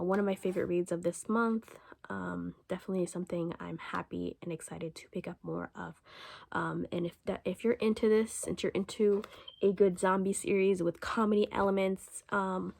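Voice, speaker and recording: A woman's voice: mid-range voice, vocal fry. A young woman in her twenties giving a casual spoken manga review, rambling with lots of ums and casual swearing. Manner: acts out the character's lines in quotes.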